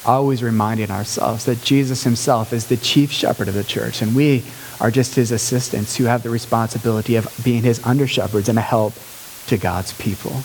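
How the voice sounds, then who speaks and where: A man's voice: mid-range voice, steady tone, brisk, slight background noise. A male pastor preaching a sermon in a conversational way, lifting to emphatic peaks.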